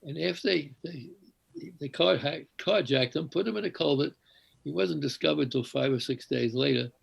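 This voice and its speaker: A man's voice: a little high, moderate pace, gravelly, slightly rough, low-quality recording. An older man on a video call telling a long, meandering personal story with many fillers and restarts. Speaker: congregation member sharing.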